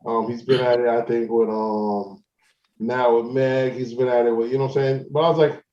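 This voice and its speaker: A man's voice: medium pitch, fairly even intonation, normal speed, darkish tone, recorded from a distance. A man co-hosting a podcast, rambling through a story in casual chat. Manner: rambling storyteller, retells online arguments. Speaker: podcast co-host. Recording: roomy, dull lo-fi podcast audio.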